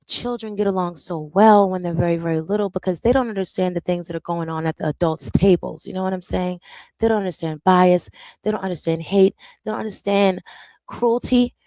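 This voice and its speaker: A woman hosting a live stream, talking in a rambling, animated way and calling her viewers "bro" and "darling". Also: lowish voice, gravelly, no room sound, low-quality recording. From United States. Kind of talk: casual live stream monologue.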